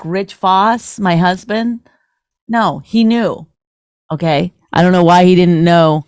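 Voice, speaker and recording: Canadian-born woman, low dry voice. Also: steady tone, slow pace, darkish tone, clean tone, no room sound. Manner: exasperated, teasing. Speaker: podcast co-host. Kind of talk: casual bickering chat.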